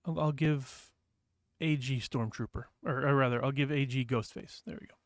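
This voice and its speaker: A man's voice: mid-range voice, fairly even intonation, normal speed, dry recording, clean studio sound. A man from New Hampshire hosting a casual livestream chat, rambling and reading viewers' messages aloud. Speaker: livestream host.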